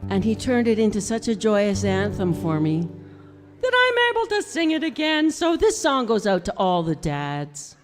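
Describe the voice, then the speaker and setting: Singer chatting on a club stage. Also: female voice, medium pitch, normal speed. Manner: expressive storytelling, acting out quotes. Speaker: singer-songwriter performing live. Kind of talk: chatty stage banter between songs. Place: music club, live show. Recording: reverberant live club sound with guitar.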